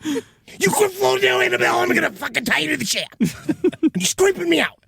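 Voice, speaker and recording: A man voicing a frazzled middle-aged dad who shouts at a haunted doll in a comedy improv bit. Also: very high voice, sing-song, brisk, vocal fry, a little hiss or hum, pitched above the performer's own voice, heavily acted. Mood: exasperated. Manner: shouting, exasperated scolding.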